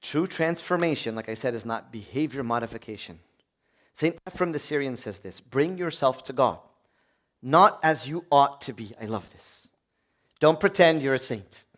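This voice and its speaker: Male preacher, sermon delivery, highly animated pitch, urgent peaks and hushed asides. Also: normal speed. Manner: animated, swings from loud high urgency to quiet low asides.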